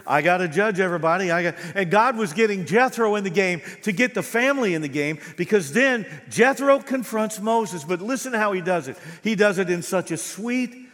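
A man's voice: sits high, fairly bright tone, long reverb tail. A man preaching a sermon as pastor, acting out quoted voices with animation.

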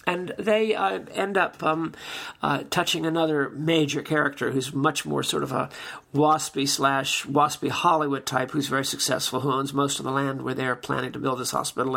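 A man with a gravelly, husky voice reflects on a film in a religious talk. He talks haltingly, restarting often, and sounds moved. His pitch sits a little high for a man. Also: a bit bright. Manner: halting, with many restarts and fillers, emotionally moved.

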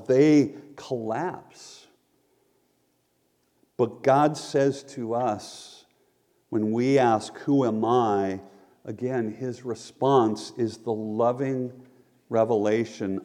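Male pastor, sermon delivery, unhurried and earnest; long hall reverb. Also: medium pitch, mellow. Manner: earnest, measured preaching with quoted asides. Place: church sanctuary.

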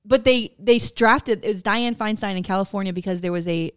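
A woman's voice: mid-range voice, brisk, clean tone, no echo, studio quality. A middle-aged American woman co-hosting a podcast in casual chat, blunt and profane, laughing often. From United States. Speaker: podcast co-host.

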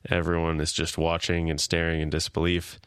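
A man's voice: low voice, monotone, a little fast, fairly bright tone, clear, resonant tone, no room sound, studio quality. A man co-hosting a podcast, recapping a TV episode casually and lightly acting out the characters' lines. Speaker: podcast co-host.

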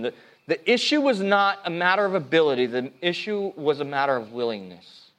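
A male pastor giving a sermon, preaching earnestly, swinging between hushed and emphatic, often stopping and restarting mid-phrase. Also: fairly high pitch, big pitch swings, moderate pace.

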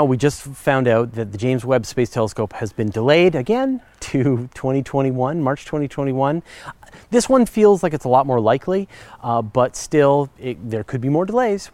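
A middle-aged man talks through listener questions as a podcast host, chatty and eager, often pausing on fillers and correcting himself. His voice sits at an ordinary pitch and is recorded close and dry, with no room sound around it. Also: a little mellow, no room sound. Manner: chatty and enthusiastic, with frequent fillers and self-corrections. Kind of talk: casual explanatory chat.

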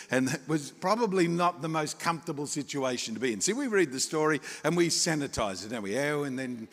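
Male pastor, lively sermon storyteller, fairly high voice, big church reverb. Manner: animated storytelling, acting out voices, chuckling asides. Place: church hall.

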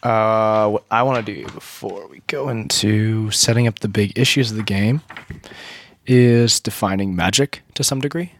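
A man acting as game master, leading a casual planning chat for a tabletop game and thinking aloud with halting restarts. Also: on the low side, a little hiss or hum.

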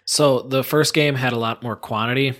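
Man, podcast guest, casual chat, enthusiastic rambling storyteller, acts out quotes, mid-pitched voice. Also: fairly even intonation, normal speed, a bit bright.

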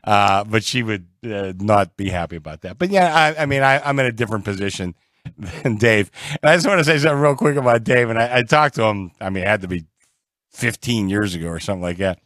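A man's voice: fairly low pitch, fast, no room sound, studio quality. A middle-aged man from the Pittsburgh area, a guest in a casual sports chat, telling stories with a chuckle. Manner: relaxed, chuckling storyteller.

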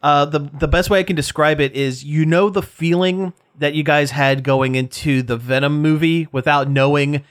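A man's voice: on the high side, normal speed, hardly any pauses. A man hosting a casual podcast chat, rambling, joking and laughing often. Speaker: podcast host.

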